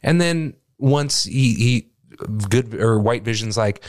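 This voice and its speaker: A man co-hosting a podcast, chatting in an animated way, with a lot of hesitant fillers. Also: medium pitch, unhurried, dry recording, clean studio sound. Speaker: podcast co-host. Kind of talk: casual chat.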